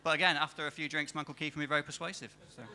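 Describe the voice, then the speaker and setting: A man doing a stand-up set on a comedy club stage, delivering dry, deadpan one-liners into a handheld mic. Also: fairly high pitch, racing, a faint crowd, slight background noise.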